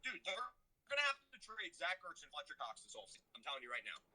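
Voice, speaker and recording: A man's voice: a little high, wildly swooping pitch, fast, bright, forceful tone, low-quality recording. A man co-hosting a sports podcast, ranting heatedly and swearing often in casual chat. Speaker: podcast co-host.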